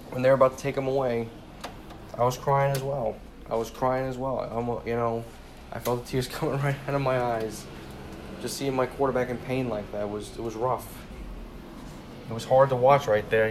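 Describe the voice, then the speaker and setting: A man's voice: medium pitch, a little hiss or hum. Heated, swearing twenty-year-old man. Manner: heated, swearing, rambling with repeated phrases. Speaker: sports fan vlogger. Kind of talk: casual ranting monologue.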